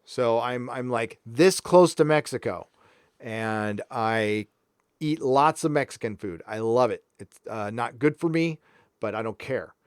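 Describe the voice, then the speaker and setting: A man from San Diego, California, unhurried and clean-toned with a mid-range voice, rambles frankly through viewer comments on a casual live stream. The studio-quality recording is dry.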